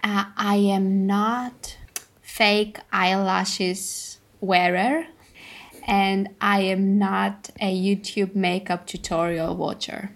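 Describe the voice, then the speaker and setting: A woman's voice: mid-range voice, fairly even intonation, extremely slow. A woman guest on a podcast chatting casually, hesitant and giggly. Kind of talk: casual chat.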